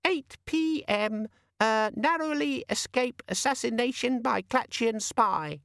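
A squeaky sing-song organizer imp. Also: male voice, slow, creaky, a bit bright, dry recording, studio quality, full character voice. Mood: chirpy. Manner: whiny, aggrieved.

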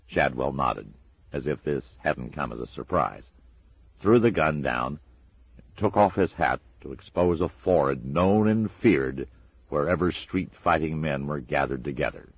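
Very deep gravelly male narrator. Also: moderate pace, no room sound, dull audio. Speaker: audiobook narrator. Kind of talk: storybook narration.

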